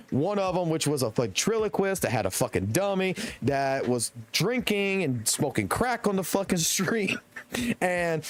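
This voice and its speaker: Profane, animated young male streamer. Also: on the high side. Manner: profane, rambling anecdote with laughs. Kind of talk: casual storytelling on a live stream.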